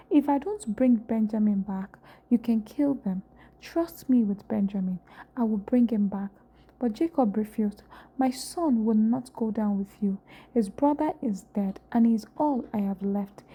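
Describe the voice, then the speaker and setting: A woman reading scripture aloud at a steady, unhurried pace. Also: fairly high pitch, husky. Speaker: scripture reader.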